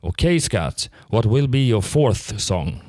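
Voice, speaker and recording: A man's voice: on the low side, animated, slow, dark tone. A man hosting a podcast, asking short, direct questions of his guests. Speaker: podcast host. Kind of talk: interview hosting.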